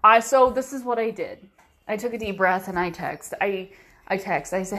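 A woman's voice: fairly high pitch, animated, normal speed, a bit bright, reverberant. A woman telling a personal story in an earnest, emotional way, often stopping and restarting her sentences. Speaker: vlogger.

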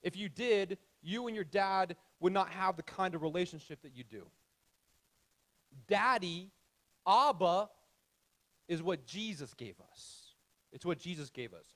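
Man, high-pitched voice, pastor preaching, emphatic, repeats phrases, questions the congregation. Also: normal speed. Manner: emphatic, repeats key phrases, drops to soft hush; addresses the audience directly with questions. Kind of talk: sermon.

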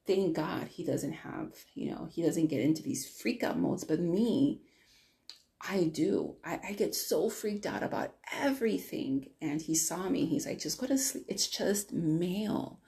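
A woman's voice: lowish voice, unhurried, creaky, dark tone. A woman hosting her own podcast, telling a personal story in a candid, rambling way with many restarts. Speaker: podcast host.

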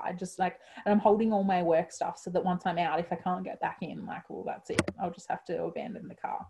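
A woman's voice: lowish voice, moderate pace, gravelly. Giggly Australian woman telling a story. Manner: animated, laughs often, acts out quotes. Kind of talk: casual storytelling chat.

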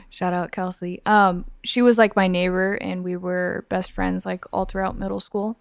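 This young woman, a podcast guest, speaks a little slowly in a gravelly voice, recorded in studio quality with no echo. Chatting casually, she tells a story full of filler words and plays out high-pitched voices as she goes.

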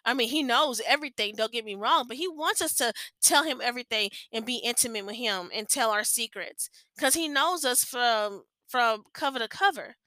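Young woman doing a church-y podcast, earnest, keeps restarting, bright voice. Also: on the high side, normal speed, few pauses, no room sound. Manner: earnest, rambling, frequent restarts. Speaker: podcast host. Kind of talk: faith-based personal podcast talk.

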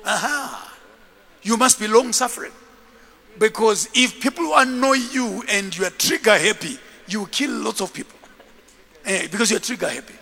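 A man preaching a sermon as a bishop, telling stories in an animated way and acting out the scenes. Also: sits high, moderate pace, gravelly, big-room sound.

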